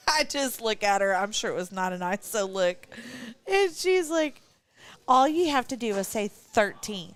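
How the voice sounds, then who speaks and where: A woman's voice: mid-range voice, animated, unhurried, clear, resonant tone, no room sound. A woman with a Texan country accent, co-hosting live coverage of an archery shoot in casual chat, teasing and laughing often.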